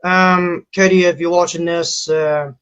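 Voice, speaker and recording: A man on an online panel speaking in a halting, repetitive way, full of fillers. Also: fairly high pitch, little pitch movement, a bit bright, smooth. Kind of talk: livestream panel talk. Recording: dull lo-fi stream audio.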